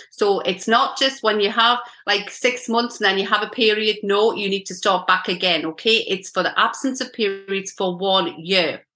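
A middle-aged woman guest on a podcast talks in a bright, tense voice. She is straight-talking and explains step by step, pausing to check with "okay?". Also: mid-range voice. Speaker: menopause coach, guest. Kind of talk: podcast interview.

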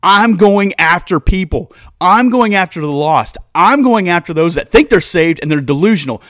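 A man's voice: high-pitched, animated, normal speed, fairly bright tone, dry recording, studio quality. A man hosting a podcast, preaching with fire and throwing rhetorical questions at his listeners. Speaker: podcast host. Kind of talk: casual podcast monologue.

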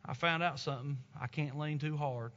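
A man's voice: on the high side, moderate pace, a bit bright. A man preaching a sermon in an earnest, emphatic and tender way. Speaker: pastor. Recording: slightly dull lo-fi recording.

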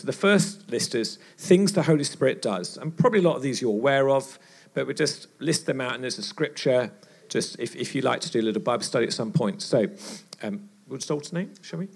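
A man's voice: medium pitch, breathy edge. A man giving a sermon at a church retreat, telling a story and acting out the voices in it. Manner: animated storyteller acting out dialogue. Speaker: retreat speaker.

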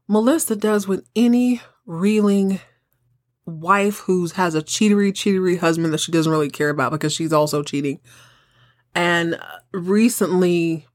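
A woman hosting a casual recap, chatty and sassy with wry asides. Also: lowish voice. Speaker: podcast host. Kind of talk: casual soap opera recap.

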